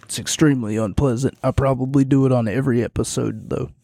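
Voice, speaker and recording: A man hosting a casual solo podcast, talking in a monotone while losing his voice and sounding hoarse. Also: mid-range voice, fast talker, dry recording, studio quality. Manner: monotone delivery. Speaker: podcast host.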